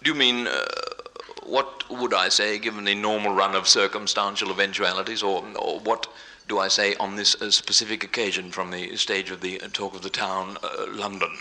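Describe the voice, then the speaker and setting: A man's voice: lowish voice, fairly even intonation, moderate pace, pushed and bright, a little hiss or hum. A man doing rambling, jokey, sing-song stage patter between songs, live on a theatre stage in London. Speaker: entertainer.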